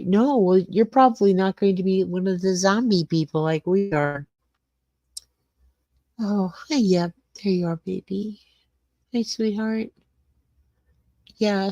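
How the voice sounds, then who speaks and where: A woman's voice: mid-range voice, dark tone, no room sound, highs cut off. An older woman hosting a casual livestream from her small garage suite, greeting viewers by name and rambling through the chat. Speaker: livestream host.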